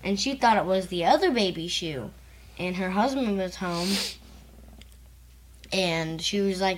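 A woman's voice: fairly low pitch, expressive, a little slow, pauses often, background noise. A young woman from Texas, co-hosting a podcast and retelling a story in casual chat, with lots of fillers. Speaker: podcast co-host, host's daughter.

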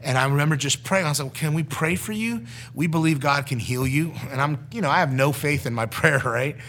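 Fairly high-pitched middle-aged man, former youth pastor, personal testimony, animated storytelling, quotes people in their own voices. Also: brisk.

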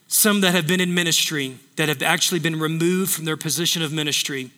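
A man's voice: on the high side, sharp tone, long reverb tail. A man preaching a sermon, emphatic, repeating phrases to drive points home. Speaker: pastor.

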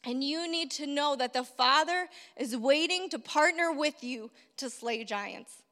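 A woman's voice: high-pitched, measured pace, sharp tone. A woman preacher giving a sermon, telling a story with rhetorical questions and repeating key phrases for emphasis. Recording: long hall reverb.

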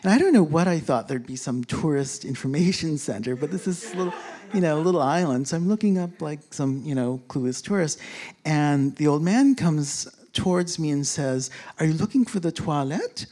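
A storyteller who lives in a big city recounts a casual anecdote from a trip abroad, rambling with many fillers, restarts, and self-corrections. They chuckle along and act out what others said, speaking in a warm, mid-range voice at a moderate pace.

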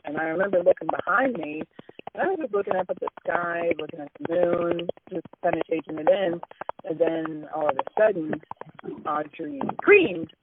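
High-voiced man on a crackly phone line. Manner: animated storytelling with acted quotes. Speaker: caller telling a ghost story. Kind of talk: storytelling over the phone.

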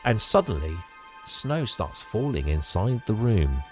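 A man's voice: on the low side, big pitch swings, unhurried, a little mellow, soft background music. A man co-hosting a podcast, animatedly retelling a film and quizzing his co-host. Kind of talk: casual chat, film recap.

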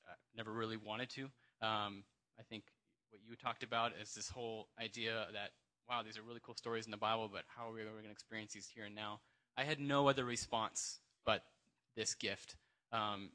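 Bright-voiced man giving halting testimony. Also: medium pitch. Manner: halting, emotional storytelling with many fillers. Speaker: congregation member sharing testimony. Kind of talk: personal testimony at church gathering.

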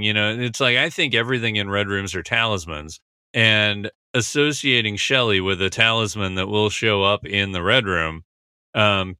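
Bright, crisp-voiced rambling podcast host. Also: male voice, on the low side, dry recording. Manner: rambling, heavy on fillers. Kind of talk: casual podcast episode discussion.

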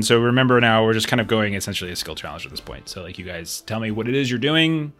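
A man running a tabletop game as game master, easygoing and rambling, slightly hoarse from a cough. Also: on the low side, lively intonation, fast talker, a bit bright, faint music behind. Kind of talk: casual game narration.

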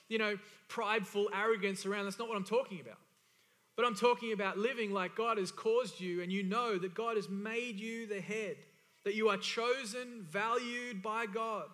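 A man with a high, bright and forceful voice preaches a sermon as pastor. He hammers home key phrases by repeating them with emphasis. His voice rings out with long reverb through a church hall. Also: steady tone, moderate pace.

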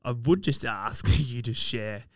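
A man's voice: mid-range voice, unhurried, a bit bright, dry recording, clean studio sound. An Australian man co-hosting a podcast, chatting enthusiastically. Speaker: podcast co-host. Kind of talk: casual chat.

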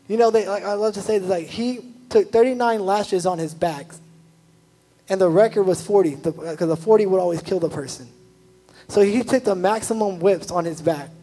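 A young man, a youth pastor, giving a casual, animated sermon full of "like" asides. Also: sits high, moderate pace, rough recording.

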